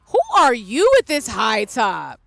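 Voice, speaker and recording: A young woman chatting casually and animatedly while streaming a game, quick to laugh. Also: a little high, wildly swooping pitch, creaky, dry recording. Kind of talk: casual gaming stream chat.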